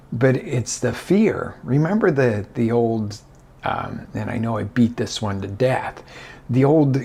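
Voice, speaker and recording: Gravelly, animated male life coach. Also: medium pitch. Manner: animated, acts out scenarios with big voice inflections. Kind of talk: motivational talk.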